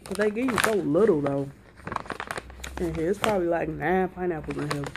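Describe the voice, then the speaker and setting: A lower-pitched woman talks straight to her viewers in a chatty, excitable way, calling them y'all as she does a taste-test vlog at home. A faint hiss sits under the recording. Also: brisk. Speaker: vlogger. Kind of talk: casual unboxing and taste-test chat.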